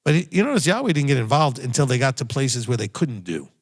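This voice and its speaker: A man's voice: mid-range voice, sing-song, quick pace. A man, a rabbi, giving a sermon with blunt, emphatic exhortation and repeated key phrases. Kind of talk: recorded sermon teaching.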